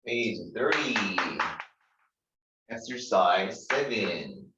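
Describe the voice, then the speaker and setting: A man with a Korean accent teaching English spelling, talking slowly and deliberately and spelling words out letter by letter. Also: medium pitch, very animated, background noise. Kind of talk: grammar lecture. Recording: distant, dull, echoey room recording.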